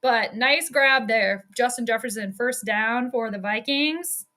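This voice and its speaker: A woman with a high-pitched, sharp and bright voice calls a football game live from her home stream. She talks casually, laughs often, and reads out her chat as she goes. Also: a little slow. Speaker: sports streamer doing live game commentary. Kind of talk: casual live play-by-play commentary.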